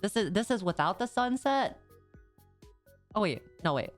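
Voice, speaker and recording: A woman's voice: medium pitch, animated, moderate pace, soft background music. Rambling young woman streamer, casual slang. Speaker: VTuber streamer. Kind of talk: casual stream chat recapping a trip.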